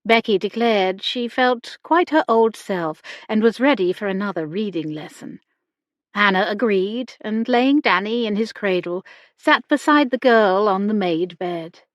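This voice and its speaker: Slow, measured woman narrator. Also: mid-range voice, expressive, dry recording. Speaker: audiobook narrator. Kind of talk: scripted narration.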